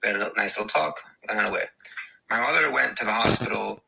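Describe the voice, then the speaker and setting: A man guesting on a podcast, telling a story in a halting way with many repeats and restarts. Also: lowish voice. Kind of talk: casual debate and personal story. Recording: clear background hiss.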